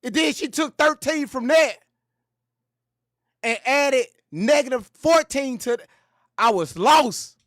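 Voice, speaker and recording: A man hosting a commentary channel, talking in an animated, joking way full of slang and profanity. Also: very high-pitched, slow pace, long pauses, dry recording, studio quality. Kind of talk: casual commentary.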